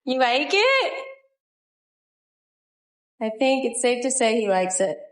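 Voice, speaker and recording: A woman's voice: high voice, sing-song, takes it slowly. A young woman chatting casually on a live stream at home, gushing over her dogs. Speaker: livestream host. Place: home, indoors.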